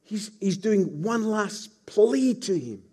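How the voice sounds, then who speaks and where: A man's voice: high-pitched, sing-song, slow, warm tone, slightly rough. A man preaching a sermon as pastor, telling the story with playful asides to the congregation.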